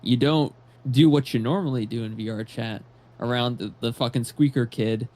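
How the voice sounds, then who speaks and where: A man's voice: mid-range voice, steady tone, moderate pace, darkish tone. A man co-hosting a podcast, giving blunt, crude opinions in casual chat. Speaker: podcast co-host.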